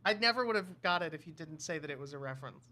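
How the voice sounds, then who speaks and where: A man's voice: on the high side, racing, slight background noise. A man co-hosting a livestream, chatting casually and laughing often. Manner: animated, laughs often, tries cartoon voice impressions. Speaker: livestream co-host. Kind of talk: casual chat.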